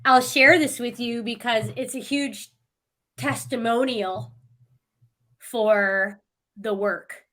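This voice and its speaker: Bright-voiced woman telling a story. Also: fairly high pitch, slow, pauses often. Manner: animated storytelling with frequent laughs. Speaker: guest. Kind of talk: casual podcast conversation.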